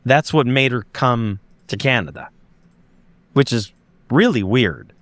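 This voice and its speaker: Man telling a story, animated. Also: medium pitch, unhurried, dry recording. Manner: animated, acts out dialogue, frequent restarts. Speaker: podcast guest. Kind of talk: conversational storytelling.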